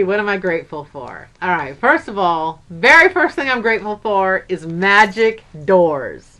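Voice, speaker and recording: A woman's voice: medium pitch, a bit bright. An older woman and grandmother chatting casually in a craft vlog, upbeat and rambling. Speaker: craft vlogger.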